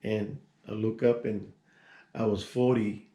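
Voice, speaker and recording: A man's voice: fairly low pitch, flat delivery, takes it slowly, warm tone. A man in his sixties telling a personal story in a casual, rambling way, with many asides and restarts. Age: 60s. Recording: echoey room.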